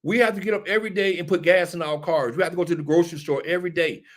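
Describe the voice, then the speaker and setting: Racing along in a slightly high, fairly bright voice, a male talk show host delivers casual political commentary to a live audience. He takes viewer questions and keeps repeating himself emphatically, as though giving a sermon.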